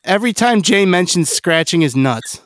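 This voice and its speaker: A man's voice: sits high, expressive, normal speed, fairly bright tone, no echo, clean studio sound. A man co-hosting a podcast, playful and crude in casual chat. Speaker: podcast co-host.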